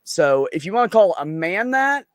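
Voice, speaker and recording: A man hosting a loose group chat, loud and full of swearing and laughs. His voice sits a little high and swings widely in pitch. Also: big pitch swings, moderate pace, dry recording. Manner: loud, profane, laughing often.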